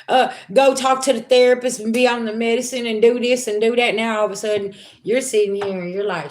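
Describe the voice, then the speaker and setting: A woman's voice: on the high side, fairly even intonation, fairly quick. A woman giving a blunt, profane spiritual reading to her viewers in casual talk. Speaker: spiritual reader.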